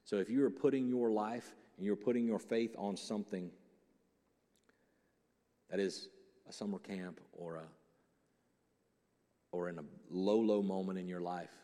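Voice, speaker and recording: Joking, animated male pastor in a hall. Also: low voice. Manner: animated and joking, swings from loud punchlines to hushed, slow reflection. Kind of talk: sermon.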